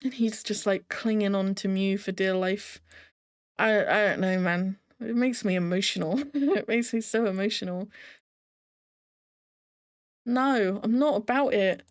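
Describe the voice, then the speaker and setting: A woman's voice: mid-range voice, moderate pace, clean tone. Chatty, emotional woman reacting to a show. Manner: chatty and emotionally invested, with frequent laughs; talks straight to the viewer with rhetorical tag questions. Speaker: reaction video host. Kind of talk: casual reaction commentary.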